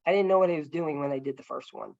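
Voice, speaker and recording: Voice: mid-range voice, quick pace, gravelly, a little mellow, no room sound, lo-fi sound. A filmmaker telling a long story over a video call, earnest and rambling, with many fillers and restarts. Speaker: filmmaker guest.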